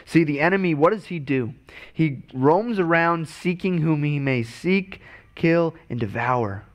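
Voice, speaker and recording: A man's voice: a little high, expressive, measured pace. Male pastor, sermon delivery, earnest, restarts and repeats words.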